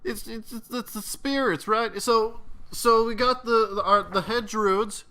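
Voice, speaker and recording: A man's voice: measured pace, bright, forceful tone. A man playing a panicked, gibbering hippie. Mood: pleading. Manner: high-pitched frantic swearing.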